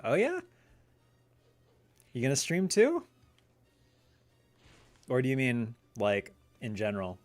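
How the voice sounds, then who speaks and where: A man's voice: mid-range voice, wildly swooping pitch, takes it slowly, pauses often, soft background music. A man in his thirties hosting a livestream, rambling casually and answering viewers' questions. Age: 30s. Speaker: livestream host. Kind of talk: casual chat on a gaming livestream.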